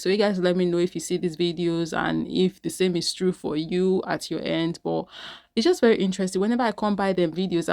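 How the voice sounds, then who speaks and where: An earnest woman talks straight to her viewers in a reaction vlog. Her voice sits a little low, and she keeps checking in with them as she advises. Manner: earnest, advising, with frequent "right?" asides. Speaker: vlogger. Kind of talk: reaction commentary to camera.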